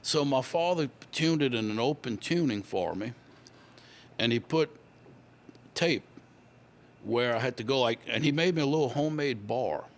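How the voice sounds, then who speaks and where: A man's voice: medium pitch, expressive. Rambling older man from Louisiana. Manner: rambling, unhurried, many fillers. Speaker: guest musician. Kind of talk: relaxed interview storytelling.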